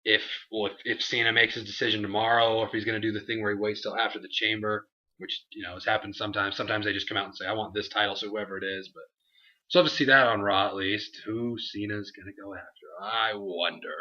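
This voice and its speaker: A young man co-hosting a casual review chat, animated and laughing, acting out what others said. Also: on the low side, fast talker. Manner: animated, acts out quotes, laughs often. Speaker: show co-host. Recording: dull lo-fi home recording.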